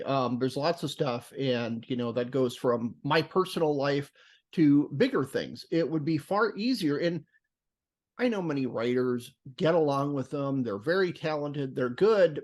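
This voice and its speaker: A man hosting a podcast, chatting casually and throwing in mock-dramatic asides. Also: fairly high pitch. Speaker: podcast host. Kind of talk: casual interview talk.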